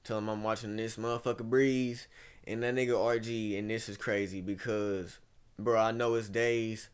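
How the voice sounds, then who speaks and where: A young man from Ohio in his twenties talks casually as an interview guest. His voice sits a little low, and he rambles through stories, dropping "bro" into nearly every sentence. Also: level tone, moderate pace, clean tone. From Ohio, USA. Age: 20s. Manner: rambling storytelling, peppered with "bro".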